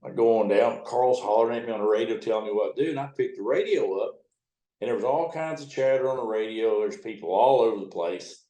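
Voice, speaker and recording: This older American speaks in a mellow, low-leaning voice at a brisk clip. A retired river towboat captain, he tells folksy, profane stories conversationally, quoting and acting out others' lines, and the recording has a roomy echo.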